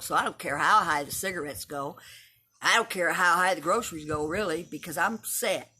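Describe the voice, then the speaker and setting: Blunt, bright-voiced woman in her seventies. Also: on the low side, moderate pace, breathy edge. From Texas. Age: 70s. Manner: blunt, opinionated and profane, talking straight to viewers. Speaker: livestream host. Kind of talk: casual livestream chat with viewers. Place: at home and in her yard.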